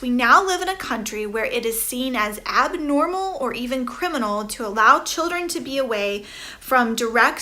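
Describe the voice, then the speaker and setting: A vlogger in her thirties gives a chatty, rambling reaction commentary packed with "you know" fillers. Her voice is a little high with a sharp tone, and background music plays.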